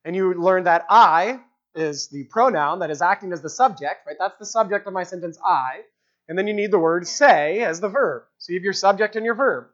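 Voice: mid-range voice, normal speed, a bit bright. A preacher giving an expository sermon, explaining the original language of a text and repeating key phrases for emphasis. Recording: dull lo-fi recording.

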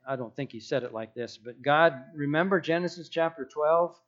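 A man's voice: fairly high pitch, moderate pace, hardly any pauses, a bit bright, lo-fi sound. A man preaching a sermon in a conversational way, with rhetorical questions and restarts.

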